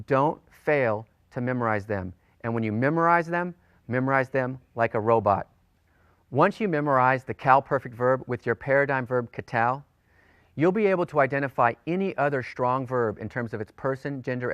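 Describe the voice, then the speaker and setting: A man teaching a recorded language lesson at a medium pitch. He speaks deliberately and drills forms slowly and carefully. The sound is dry and slightly dull. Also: fairly bright tone, no echo. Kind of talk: recorded lecture.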